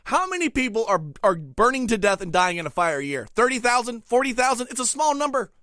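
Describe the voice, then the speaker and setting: Brief: male comic host, high lively voice, angry swearing rants. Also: fast, no room sound, clean studio sound. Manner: angry, swearing, swings from muttering to shouting. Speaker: comedic ranting host. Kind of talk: comedic rant monologue.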